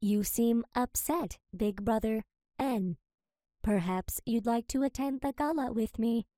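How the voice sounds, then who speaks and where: Lady voicing a creepy sweet robot girl, fake innocent, talks real slow, dry sound. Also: fairly high pitch, warm tone, dry recording, natural voice. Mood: teasing. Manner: saccharine, mock-innocent, coldly polite. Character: sweetly menacing childlike female machine, giggly, cruel. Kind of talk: reading character lines with spoken stage directions.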